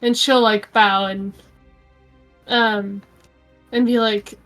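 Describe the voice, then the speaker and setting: A woman's voice: medium pitch, steady tone, slow pace, a bit bright, soft background music, low-quality recording. A woman player in a tabletop role-play, describing her character hesitantly with many fillers. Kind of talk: playing a tabletop game.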